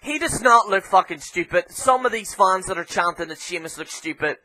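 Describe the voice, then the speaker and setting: An Irish man reviewing a wrestling show in a heated, foul-mouthed rant that flares into shouting. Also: high-pitched, lively intonation, a little fast, rough recording. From Ireland. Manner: heavy swearing, heated ranting.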